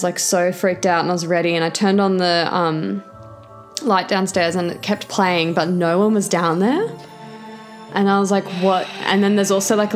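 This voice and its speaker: A young woman co-hosting a podcast, telling a ghost story in a chatty, rambling way with many fillers and giggles. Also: lowish voice. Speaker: podcast co-host. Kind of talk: casual chat, storytelling.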